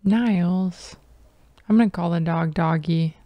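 Woman cohost just chatting, kinda rambly, lowish voice, dry sound. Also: a little slow, dark tone, no room sound. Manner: rambling, chatty, trails off mid-thought. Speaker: podcast co-host. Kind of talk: casual chat.

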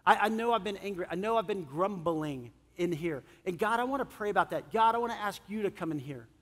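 A middle-aged male pastor preaching a sermon, animated, swinging between loud emphasis and soft, earnest moments. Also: high-pitched, brisk. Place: church sanctuary. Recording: long church hall reverb.

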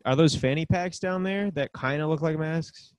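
A man's voice: on the high side, moderate pace, dry recording. A man co-hosting a podcast in casual chat, with dry, sarcastic humor. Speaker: podcast co-host.

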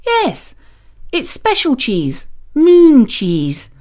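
A woman's voice: high voice, wildly swooping pitch, very slow, darkish tone, voice pushed up, full character voice. A woman voicing a friendly, cheerful man on the moon with a welcoming, sing-song way of talking. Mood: cheery.

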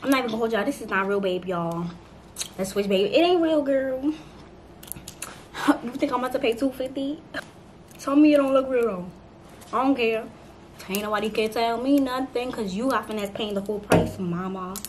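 A woman's voice: on the high side, normal speed, a little mellow. Chatty eighteen-year-old woman, noisy room. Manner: chatty, playful, talks straight to viewers. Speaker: vlogger. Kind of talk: casual chat to camera. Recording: noisy home recording.

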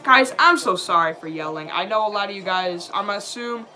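A young man streaming a live reaction to a basketball game, excitable and prone to yelling at the plays, then apologizing. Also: sits high, fairly quick, faint music behind. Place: home room, dog nearby.

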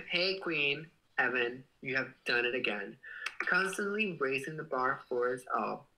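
Bright, gushing livestream chatter. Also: mid-range voice, measured pace, poor audio. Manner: playful and gushing, swears affectionately, animated outbursts. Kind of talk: casual livestream chat, reading viewer comments.

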